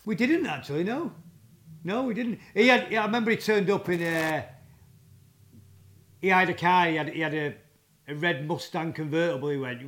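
A man, a guest drummer telling rambling, halting anecdotes in a casual interview. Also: on the high side, a bit bright. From England.

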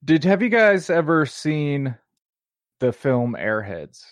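A man's voice: a little high, very animated, slow, no room sound. A man co-hosting a podcast, telling a story in casual chat, rambling and laughing often. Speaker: podcast co-host.

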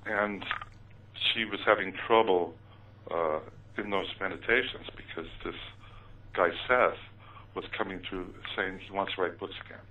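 A man's voice: low voice, a little slow, far from the mic, phone-quality sound. A man telling his story in an interview, talking hesitantly with many ums and uhs. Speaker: author recounting his experiences.

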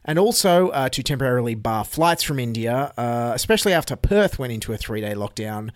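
An Australian man runs a satirical news show, his voice swinging up and down with lively, animated inflection as he drops sarcastic asides. The sound is dry and close, with no room around it. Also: mid-range voice, fairly quick, dry recording. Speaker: comedy news podcast host.

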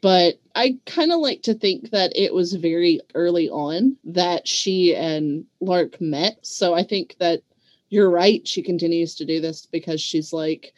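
A woman co-hosting a casual book discussion, reflective and given to long, drawn-out explanations. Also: fairly low pitch, darkish tone, no room sound, lo-fi sound. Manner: reflective, talks at length, drawn-out phrasing. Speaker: book club co-host.

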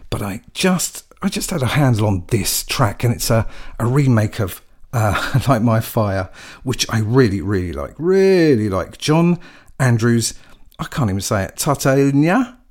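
Male radio DJ, slightly low voice, casual and chatty between records. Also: normal speed, husky. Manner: relaxed, chatty, reads chat messages with small laughs. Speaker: radio show host. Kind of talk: casual live radio DJ chat.

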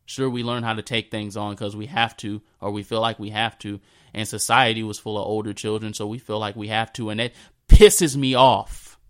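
A man in his thirties tells a personal story in a halting, repetitive way, often dropping into a soft, low voice. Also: level tone, clean tone. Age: 30s. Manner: halting, repeats himself, drifts into a soft low voice.

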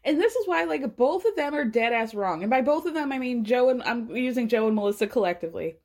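Animated, higher-voiced woman podcast host. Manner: animated, swears freely, mimics cast members in quick asides. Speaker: podcast host recapping reality TV. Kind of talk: casual chat.

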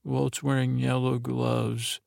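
A man's voice: medium pitch, little pitch movement, slow pace, vocal fry, darkish tone, no room sound, studio quality. A man hosting a bedtime podcast, rambling through a meandering, drowsy recap meant to lull listeners to sleep. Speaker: podcast host.

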